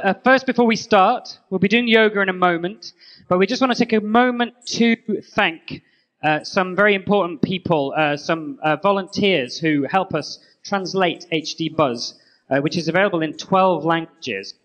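A man co-hosting a live conference roundup, joking in a deadpan way. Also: high-pitched, moderate pace, lo-fi sound. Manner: playful, deadpan jokes. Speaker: co-host.

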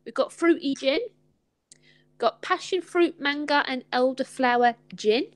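A woman with a high voice chats her way through a casual live stream from home. She is giggly and chatty and pokes fun at herself as she goes. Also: unhurried, no echo. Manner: chatty, giggly, self-mocking. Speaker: host.

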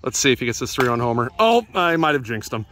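A man vlogging from an outdoor softball field, joking with teammates and yelling at big plays. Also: medium pitch, big pitch swings, fast. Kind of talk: excited play-by-play banter.

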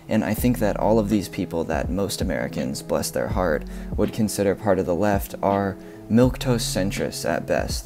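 Deep gravelly man, sardonic narration. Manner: sardonic and critical. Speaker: video essay host. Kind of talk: scripted commentary narration.

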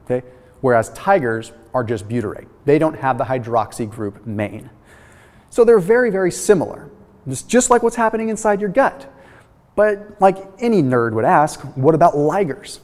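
A man hosting a nutrition science explainer, talking in an energetic, emphatic way and often checking in with "okay?". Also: a little high. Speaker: host. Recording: reverberant room with long echo.

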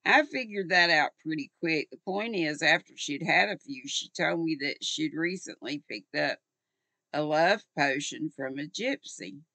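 An older woman reading aloud as a sassy, quick-witted young woman sleuth, in a plain storybook voice. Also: low-pitched, bright, forceful tone, no room sound, full character voice.

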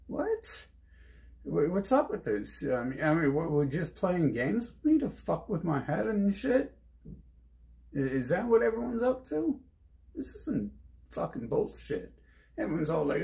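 A man's voice: fairly high pitch, very animated, unhurried, vocal fry, pauses often, darkish tone. A man streaming alone, ranting in a restless, agitated way, swearing heavily and jumping from topic to topic. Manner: heavy swearing, restless, jumps between topics. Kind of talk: agitated rambling monologue.

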